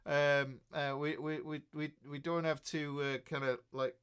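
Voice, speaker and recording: A Northern English man in his fifties runs a relaxed guitar livestream, greeting viewers by name and reading out their comments. His voice is a bit higher than the typical man's, and he rambles warmly with frequent restarts and easy chuckles. The delivery is flat, unhurried and smooth.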